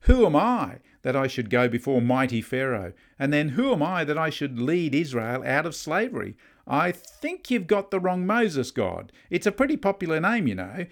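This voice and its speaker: A preacher voicing Moses as a reluctant man arguing casually with God, higher and livelier than his own voice. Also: moderate pace, natural voice. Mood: joking protest. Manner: casual, joking, higher and animated.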